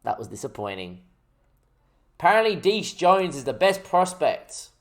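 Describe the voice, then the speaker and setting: A young man hosting his gaming channel, chatting casually and jokily as he thinks out loud over gameplay. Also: a little high, very animated, normal speed. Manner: rambling, jokey, thinks aloud while playing.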